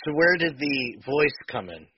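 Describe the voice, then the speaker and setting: Male podcast host, fairly high and breathy voice, playful chatty manner. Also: muffled recording. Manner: lively, jokey, quick backchannels. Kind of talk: casual interview chat.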